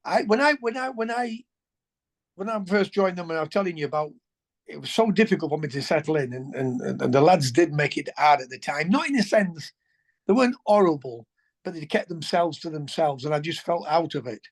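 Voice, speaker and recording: A man, a former footballer telling colloquial, animated anecdotes as an interview guest. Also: a little high, a little fast. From England. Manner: animated, colloquial, swears, restarts sentences. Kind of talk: anecdotal storytelling.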